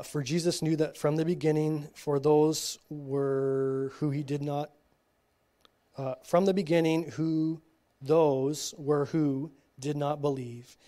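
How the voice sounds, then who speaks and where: A man reading scripture slowly at a church teaching, breaking off for casual asides and frequent checks like "okay?". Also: on the high side, warm tone. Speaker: Bible study teacher.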